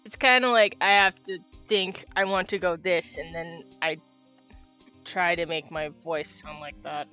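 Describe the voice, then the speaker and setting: A woman's voice: lowish voice, steady tone, a little slow, bright, forceful tone, clear, resonant tone, faint music behind. Chatty young woman streaming a game. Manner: chatty, giggly, reads game text aloud. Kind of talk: casual chat while gaming.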